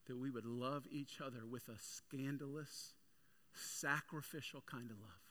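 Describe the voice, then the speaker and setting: A male pastor preaching a sermon with energetic, animated storytelling. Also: mid-range voice, measured pace.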